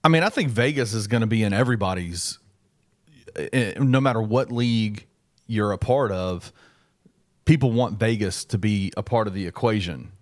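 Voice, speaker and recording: A man's voice: on the low side, moderate pace, no room sound, studio quality. A man co-hosting a casual sports chat, teasing with playful mock seriousness. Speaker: co-host.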